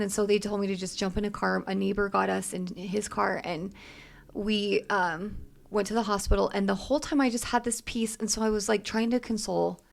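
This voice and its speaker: A young adult woman, a podcast co-host, telling a heartfelt personal story in a halting way with many restarts. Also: mid-range voice, vocal fry.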